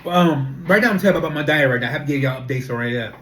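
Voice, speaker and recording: A young adult speaker, chatting straight to camera. The talk is loose and animated, looping through rhetorical questions and repeated fillers. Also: mid-range voice, racing, a little hiss or hum. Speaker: vlogger. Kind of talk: casual talking-to-camera monologue.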